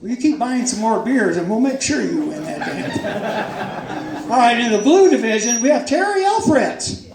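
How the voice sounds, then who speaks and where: High-voiced older man presenting awards. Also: expressive, moderate pace. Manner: folksy, joking, emphatic. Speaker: awards presenter at a softball banquet. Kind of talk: casual speech at a banquet. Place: banquet hall. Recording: echoey hall with crowd and noise.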